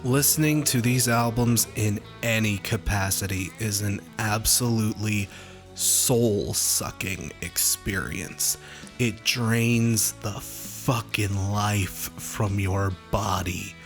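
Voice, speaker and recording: A man's voice: on the low side, slow pace, soft background music. A man hosting a comedic album review, ranting with exasperation and a lot of swearing. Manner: exasperated, swearing, deadpan complaints. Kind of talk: profane comedic music review rant.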